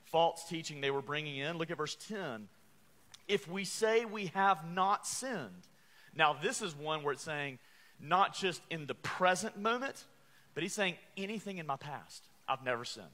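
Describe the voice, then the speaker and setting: Bright-voiced male pastor preaching in a hall. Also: on the high side. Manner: earnest preaching with emphatic stresses. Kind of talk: sermon. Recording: church hall reverb.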